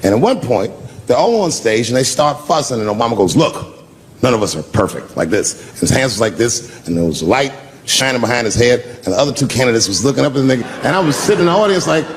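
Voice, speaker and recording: A man telling a stand-up story on a live stage, animated and profane, acting out the people in it. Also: mid-range voice, fast, slight background noise. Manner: animated, acts out characters, profane. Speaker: stand-up comedian. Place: live stage before an audience.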